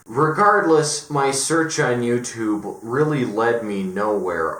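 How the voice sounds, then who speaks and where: A man from Colorado talks through his thoughts in a wry, musing vlog voice, with plenty of run-on asides. His voice sits a little low, and the room around him rings with echo. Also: a bit bright. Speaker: vlogger. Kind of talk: casual commentary.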